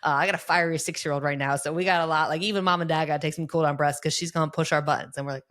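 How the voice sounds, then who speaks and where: A woman in her thirties, a sport psychologist guest in a casual interview, talking in an animated way and acting out how she speaks to her kids. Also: sits low, rapid-fire, hardly any pauses. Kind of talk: conversational podcast interview.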